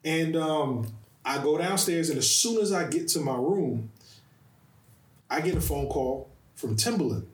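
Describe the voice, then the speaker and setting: A man hosting a podcast in casual chat, telling stories in an animated way and stressing his words. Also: a little high, a little slow, echoey room, rough recording. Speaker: podcast host.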